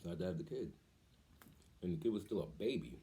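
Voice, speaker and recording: A man casually telling a story on his vlog, animated and acting out the voices of people in it. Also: low voice, quick pace. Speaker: cooking vlogger.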